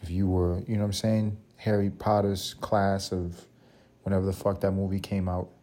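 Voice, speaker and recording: Deep-voiced man rambling on a podcast. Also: level tone, moderate pace, dark tone. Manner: rambling, profane, jokey storytelling. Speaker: podcast host. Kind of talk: casual solo podcast monologue.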